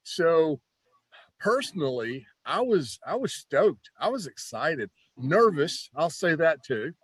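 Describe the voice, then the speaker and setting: A man who is a former pro wrestler, telling stories in a casual, animated interview with lots of "you know" and restarts. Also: fairly high pitch, unhurried, husky, no echo.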